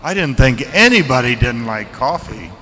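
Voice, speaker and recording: A man giving a seminar lecture to students, lively and chatty, asking the audience questions. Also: medium pitch, normal speed, in a large hall, slight background noise. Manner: lively, asks the audience questions, acts out reactions. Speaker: seminar speaker. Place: lecture hall.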